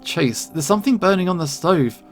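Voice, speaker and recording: A man voicing a desperate young male wolf-man calling for help, over soft music. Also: high-pitched, expressive, moderate pace, pitched above the performer's own voice. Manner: desperate, pleading.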